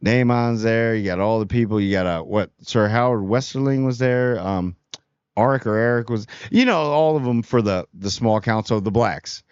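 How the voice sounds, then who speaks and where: Male reviewer, low and slangy, rambling; dry, dull-sounding home recording. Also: moderate pace, smooth, dry recording. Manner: rambling, slangy, quoting characters in paraphrase. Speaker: show host reviewing TV. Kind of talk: casual spoiler review.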